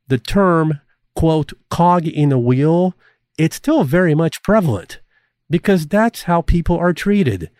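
A middle-aged man delivers a scripted course lecture in a warm, mellow voice. He speaks earnestly and deliberately and lifts his pitch to stress key points. The recording is dry and close, with no room sound. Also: no echo. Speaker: course instructor.

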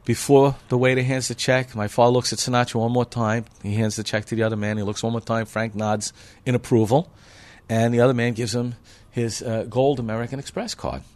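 A man, a chef, telling stories as a podcast guest, animated and often laughing. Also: medium pitch, brisk, few pauses. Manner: animated, acts out the people in his stories. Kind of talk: storytelling in a podcast interview.

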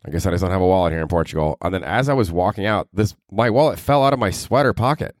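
A man's voice: low-pitched, expressive, fast talker, dry recording, clean studio sound. A young man hosting a podcast, telling stories in a casual, self-mocking way, laughing often and swearing a lot. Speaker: podcast host. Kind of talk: casual storytelling monologue.

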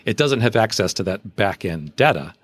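Low-voiced man explaining SEO tools. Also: sing-song, normal speed, fairly bright tone, slightly rough, no echo. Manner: explains step by step, frank opinions, spells out names. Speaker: SEO podcast host. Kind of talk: casual explanatory chat.

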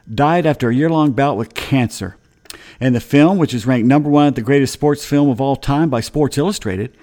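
Middle-aged man, sports talk host, rambling anecdotes, chuckling, mid-pitched voice. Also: a little mellow. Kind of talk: casual baseball history chat.

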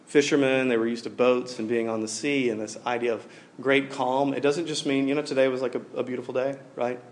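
A man in his forties preaching a sermon in a casual, animated way, with lots of fillers as he tells stories. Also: mid-range voice, slight background noise. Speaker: pastor. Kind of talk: conversational sermon.

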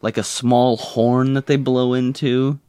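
A man's voice: mid-range voice, little pitch movement, a little slow, mellow, smooth, no room sound. A man co-hosting a podcast, recapping a TV episode in casual chat with jokey, rambling asides. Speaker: podcast co-host.

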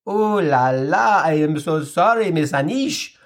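A man voicing a confused young French schoolboy with a French accent, speaking slowly and earnestly. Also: a little high, expressive. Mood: apologetic. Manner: slow, careful, earnest.

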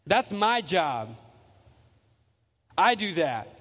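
God as a firm judge, played by a preacher. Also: male voice, high voice, very animated, extremely slow, fairly bright tone, big-room sound, heavily acted.

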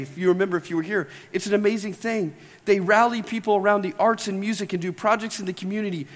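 A pastor with a high voice delivers a chatty, lively sermon, bantering with his congregation between points. His voice rings out with a long reverb from the church hall around him. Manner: conversational, playful asides to the congregation. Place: church sanctuary.

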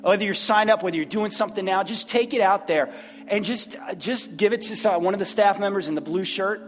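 High-voiced earnest male pastor in a hall. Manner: earnest, repeats phrases, preacherly pauses. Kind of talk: sermon. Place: church sanctuary.

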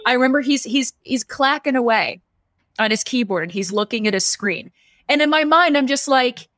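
Animated woman telling a workplace story. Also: on the high side, moderate pace, no echo, studio quality. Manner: animated, acts out quoted dialogue. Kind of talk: casual storytelling chat.

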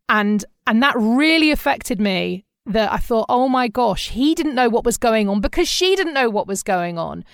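A middle-aged woman hosting a podcast, telling candid stories in a lively, conversational way. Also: a little high, moderate pace, few pauses, no room sound, clean studio sound. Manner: candid, animated storytelling with quoted voices. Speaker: podcast host.

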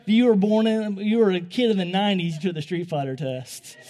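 A young man giving a conversational sermon, animated and joking, often restarting his sentences. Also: sits high, fairly quick. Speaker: preacher.

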